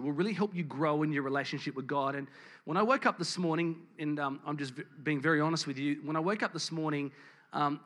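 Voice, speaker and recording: A man's voice: on the high side, a bit bright. A man preaching a sermon in church, candid and storytelling, with frequent ums and restarts. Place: church building with congregation.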